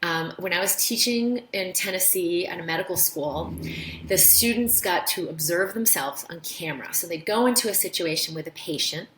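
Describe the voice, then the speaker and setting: A woman's voice: fairly low pitch, moderate pace, roomy sound, slight background noise. A woman doctor hosting a casual live-stream talk, explaining health ideas and telling stories with acted-out voices. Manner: animated storytelling, acts out quoted voices. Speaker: doctor and show host.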